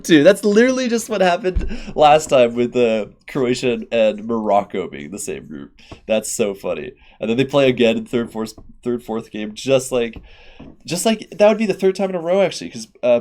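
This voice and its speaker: A man hosting his channel, casually thinking aloud through his bracket predictions with quick asides. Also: on the low side, darkish tone. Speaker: channel host.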